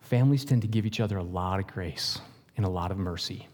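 A male pastor preaching a sermon in an animated way, with jokes and questions to the congregation. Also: sits low, brisk, big-room sound.

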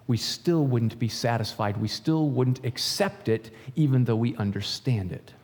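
A man's voice: mid-range voice, measured pace, darkish tone, big-room sound. A man preaching a sermon in a chatty way, asking rhetorical questions and acting out little stories. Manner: conversational, asks rhetorical questions; acts out stories in quoted voices. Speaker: pastor.

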